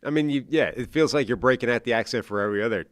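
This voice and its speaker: A man's voice: medium pitch, rapid-fire, no echo. A man co-hosting a casual sports talk show in a studio, thinking aloud with frequent restarts and fillers. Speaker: podcast co-host.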